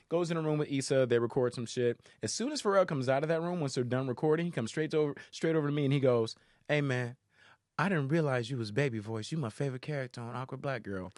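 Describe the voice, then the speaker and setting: A man's voice: medium pitch, fast, no room sound, clean studio sound. A man from South Los Angeles, a guest actor telling stories in casual chat and acting out what people said, with frequent laughter. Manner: animated storyteller who acts out quotes and laughs often.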